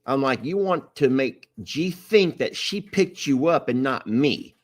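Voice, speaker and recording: Animated man telling a story. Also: medium pitch, measured pace. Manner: animated, apologetic, acts out quotes with laughs. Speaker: host telling a family story to live viewers. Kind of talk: casual storytelling livestream.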